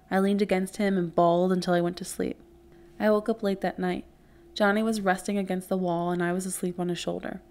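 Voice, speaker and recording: A woman's voice: lowish voice, level tone, fairly quick, a little mellow. Woman teacher reading a novel aloud. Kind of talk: audiobook read-aloud with character voices.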